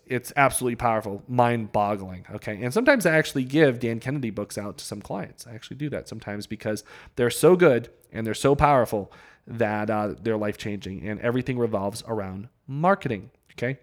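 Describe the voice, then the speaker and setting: A man hosting a podcast, explaining a topic in a loose conversational way and repeating his key points. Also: medium pitch. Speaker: podcast host. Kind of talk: casual teaching monologue.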